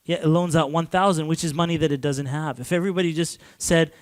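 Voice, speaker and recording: A man from Canada lectures a class in an easy, rambling way, full of "like" and little restarts, chuckling between points. His voice sits a bit higher than most men's. The sound is close and dry, with no room around it. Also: steady tone, fast, hardly any pauses, dry recording.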